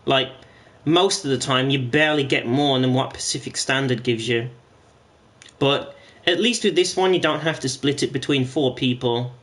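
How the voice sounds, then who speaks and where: A man's voice: medium pitch, moderate pace, fairly bright tone. A man chatting casually to viewers while streaming a game, rambling and swearing now and then. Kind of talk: casual gaming stream commentary.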